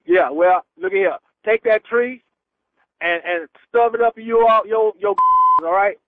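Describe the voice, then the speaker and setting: A man's voice: sits high, wildly swooping pitch, measured pace, creaky, no room sound. A man on a phone call who brushes off the caller, defiant and laughing. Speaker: prank call target. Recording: tinny phone line.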